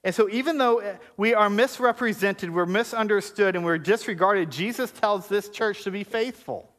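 This pastor's voice is high-pitched and fairly bright, moving at a moderate pace. Preaching to his congregation at a church service, he keeps things conversational and joking, tossing in playful asides.

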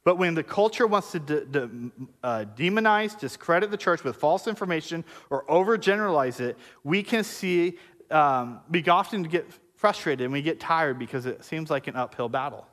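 A male pastor delivers a sermon in a relaxed, conversational way, slipping in jokes and playful asides to the congregation. His speaking voice sits notably high for a man. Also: normal speed. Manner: conversational, joking preacher with asides. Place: church service before a congregation.

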